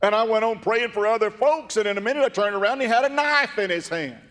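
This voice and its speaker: High-voiced preacher in a reverberant hall. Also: male voice, fast. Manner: fervent, storytelling, rises to emphatic shouts. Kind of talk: sermon. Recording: long reverb of a large hall.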